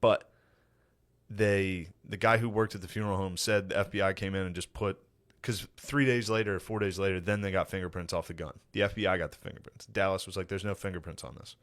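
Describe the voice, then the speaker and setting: A man co-hosting a podcast in casual chat, telling a story with animated laughs and slow, emphatic beats. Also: low voice. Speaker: podcast co-host.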